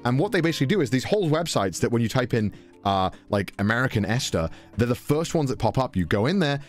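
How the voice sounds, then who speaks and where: A young British man tells a travel anecdote in a casual, animated way. His pitch swings widely, jumping into high squeaks when he acts out his own panic, and he swears freely. Faint music plays underneath. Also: quick pace. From Britain. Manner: swearing, mimics voices, high-pitched exclamations. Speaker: podcast storyteller.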